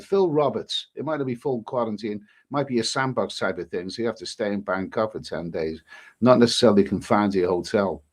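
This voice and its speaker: A man's voice: medium pitch, darkish tone. A man hosts a travel live stream and reads viewer comments aloud. He rambles and repeats himself, with mild swearing and an exasperated edge. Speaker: travel vlogger reading live chat.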